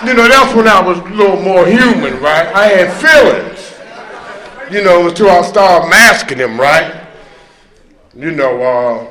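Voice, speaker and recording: A man with a high, bright voice shares his recovery story at a meeting, unhurried and full of fillers. He tells it like a storyteller, breaking into loud emphatic bursts and rueful laughs. The sound is roomy and echoey, as in a meeting room. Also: lively intonation. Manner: drawn-out, conversational, with many fillers. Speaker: speaker sharing at a recovery meeting. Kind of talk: personal recovery testimony.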